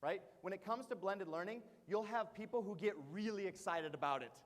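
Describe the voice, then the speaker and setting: High-voiced man telling a story in a hall. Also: fairly quick. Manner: animated, frequent "uh" fillers, asks the audience questions. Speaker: keynote speaker at teacher training. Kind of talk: storytelling presentation. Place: large hall before an audience. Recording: long hall reverb.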